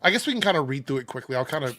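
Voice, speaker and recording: A man's voice: mid-range voice, very fast. A man co-hosting a casual livestream, reading an article aloud and breaking off with his own opinions. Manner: animated, reads articles aloud with asides. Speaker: co-host reading news.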